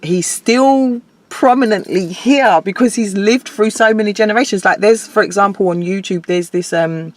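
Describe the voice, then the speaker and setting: A woman's voice: medium pitch, moderate pace, hardly any pauses, dry recording. Earnest, dry-sounding woman musician. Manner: earnest, reflective, laughs easily, gets emotional. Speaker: guest musician. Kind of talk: casual interview chat.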